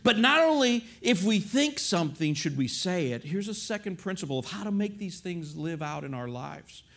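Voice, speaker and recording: A middle-aged male pastor preaching a sermon in an animated storytelling manner, acting out bits of dialogue. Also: sits high, normal speed.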